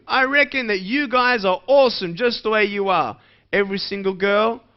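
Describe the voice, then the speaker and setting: A man giving a motivational speech to schoolchildren in a playful way, asking the audience questions. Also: sits high. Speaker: motivational speaker. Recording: dull lo-fi recording.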